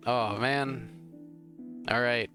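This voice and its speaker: A man's voice: medium pitch, steady tone, extremely slow, sharp tone. A young man giving emotional, rambling gameplay commentary, arguing with the characters on screen. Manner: rambling, heated, talks to the screen. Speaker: let's play gamer. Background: game music.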